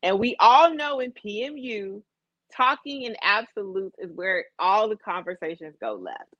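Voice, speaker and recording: Woman co-host, wry banter, animated pitch, lo-fi recording. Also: unhurried, no room sound. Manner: wry, teasing, laughs often. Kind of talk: casual podcast banter. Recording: slightly dull lo-fi sound.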